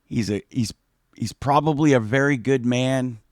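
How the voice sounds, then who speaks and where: A man's voice: medium pitch, moderate pace, no echo, studio quality. A man giving heated commentary on a video, emphatic and agitated, repeating his points.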